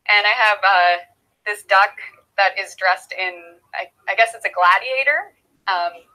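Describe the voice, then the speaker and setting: A woman explaining English grammar as a teacher, patient and clear, repeating simple examples with props. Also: mid-range voice, pushed and bright, rough recording. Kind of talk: slow, clear classroom explanation.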